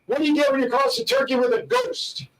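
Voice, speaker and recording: Upbeat co-host, man, high voice, sitting a little off the mic, playful joke teller. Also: very animated, fast, recorded from a distance, crowd noise, rough recording. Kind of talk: casual talk show banter telling dad jokes.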